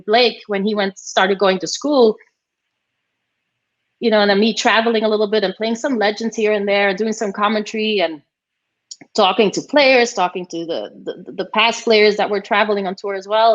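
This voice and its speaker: A woman's voice: medium pitch, fairly bright tone. A woman guest chatting casually and rambling a little, with plenty of fillers and restarts. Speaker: guest, former tennis player. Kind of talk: casual chat. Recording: slightly dull, muffled audio.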